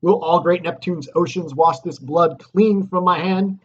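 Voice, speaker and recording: A man's voice: sits high, measured pace, muffled recording, pitched above the performer's own voice. A man reading aloud as a guilt-ridden nobleman, voice raised in anguish. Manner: loud, anguished theatrical reading.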